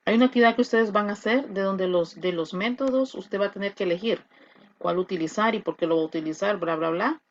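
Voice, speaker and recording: Woman teacher, casual asides, mid pitch, dull lo-fi sound. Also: rapid-fire, a little hiss or hum. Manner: chatty asides, switching into Spanish. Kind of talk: classroom commentary.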